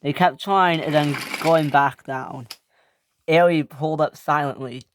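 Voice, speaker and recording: There's slight background noise as a storyteller, a little slow and fairly even in intonation, narrates a toy train story with frequent restarts and fixes. Each character gets a higher, louder voice.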